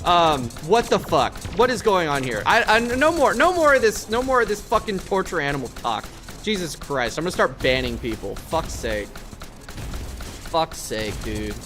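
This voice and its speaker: A man's voice: fairly high pitch, big pitch swings, moderate pace, fairly bright tone. Profane ranting male game streamer. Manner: profane, ranting, exasperated at chat. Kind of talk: live gaming stream commentary.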